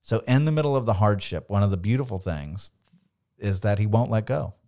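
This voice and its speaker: Casting: Bible-podcast co-host, a man with a low voice, earnest and animated, who acts out the scripture he quotes. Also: brisk. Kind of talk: Bible study discussion.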